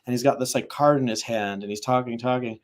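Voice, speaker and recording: A man's voice: mid-range voice, fairly even intonation, quick pace. A young man giving a loose, conversational spiritual teaching, telling a story and then encouraging listeners, with many fillers like "like" and "you know". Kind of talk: casual live talk mixing storytelling and spiritual teaching.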